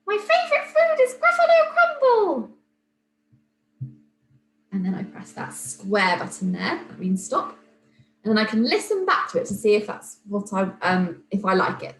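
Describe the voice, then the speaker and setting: A woman teacher patiently walking young pupils through a demonstration, step by step. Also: medium pitch. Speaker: primary school teacher. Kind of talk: remote classroom demonstration. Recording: echoey room, faint hum.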